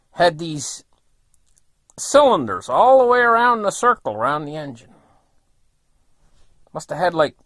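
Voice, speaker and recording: A man's voice: mid-range voice, fairly bright tone, dry recording, studio quality. Rambling folksy man telling a story. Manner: rambling, folksy, many fillers like "you know". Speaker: vlogger. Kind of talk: casual storytelling.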